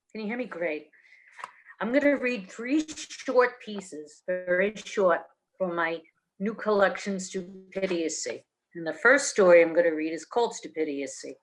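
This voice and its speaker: A woman's voice: medium pitch, animated, a little slow, a little hiss or hum. A woman from New Jersey reading her own noir fiction aloud in a blunt, streetwise way over a video call. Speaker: author reading her work.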